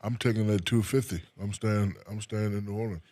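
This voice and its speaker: Very deep-voiced laid-back man. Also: fairly even intonation, a little fast, no echo. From New Jersey. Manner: laid-back, soft-spoken, trailing off with fillers. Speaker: guest, retired basketball player. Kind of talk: casual interview.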